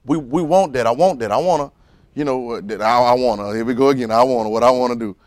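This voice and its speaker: A man preaching a sermon, moving from low musing to loud fervent preaching and calling out to the congregation. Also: fast, dry recording. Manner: calls out to the congregation.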